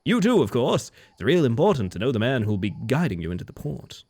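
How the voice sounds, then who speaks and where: A man voicing a friendly, boastful male fishing-boat captain in a video game, with folksy, chatty delivery and a pitch that rises and falls freely. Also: big pitch swings, fairly quick, a little mellow, husky.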